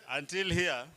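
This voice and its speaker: A man's voice: fairly high pitch, sharp tone. A man, playfully coaxing a crowd as he leads a group icebreaker game at a live event. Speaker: workshop facilitator.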